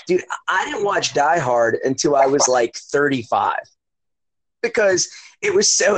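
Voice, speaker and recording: A middle-aged man spins a long story in loose, swear-heavy chat, with a steady stream of "like" and "you know" between his thoughts. His voice sits slightly higher than most men's.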